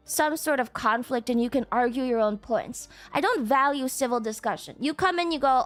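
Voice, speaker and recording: A VTuber streams live, reading out chat messages and ranting back at them with swearing and mock tantrums. Her high-pitched voice moves at a moderate pace with hardly any pauses, and faint music plays behind her.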